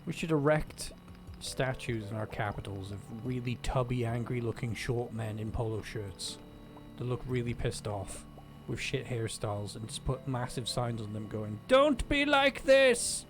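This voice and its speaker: A man's voice: medium pitch, steady tone, moderate pace, soft background music. A man on a stream, chatting casually and ranting wryly about everyday gripes. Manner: ranting, wry. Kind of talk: casual chat.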